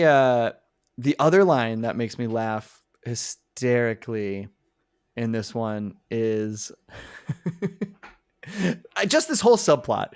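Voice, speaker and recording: An enthusiastic man co-hosting a casual podcast, breaking into laughter as he retells scenes. His voice is smooth and resonant. The recording is dry and close, with no room sound. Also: medium pitch, no echo. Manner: enthusiastic, laughs often, quotes lines from the show. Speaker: podcast co-host. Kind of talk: casual chat.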